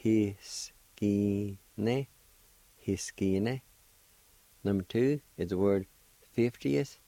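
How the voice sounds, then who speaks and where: A man's voice: low voice, slow pace, dark tone, dry recording, poor audio. A man teaching a radio language lesson, patient and encouraging as he spells words out one letter at a time, on a close studio microphone.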